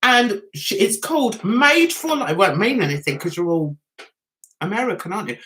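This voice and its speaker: A woman's voice: on the high side, fairly bright tone. A middle-aged woman hosting a casual livestream, telling an anecdote with giggles and animation. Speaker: YouTube host.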